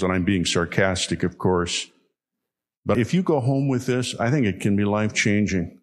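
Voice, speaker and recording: A man giving a sermon, telling stories in a folksy way and repeating key lines slowly for emphasis. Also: on the low side. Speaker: preacher.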